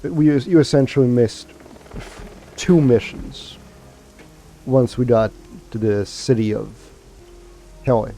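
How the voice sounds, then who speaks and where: A man's voice: mid-range voice, takes it slowly, long pauses, warm tone, faint music behind. A man streaming a video game, chatting casually to his viewers and rambling with fillers and restarts. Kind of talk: casual let's-play commentary.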